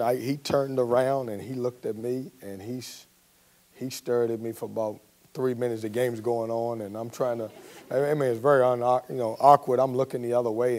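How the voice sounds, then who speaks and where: A college basketball coach giving a storytelling speech to a business audience and acting out the quotes. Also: male voice, medium pitch. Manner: storytelling, animated, acts out quotes.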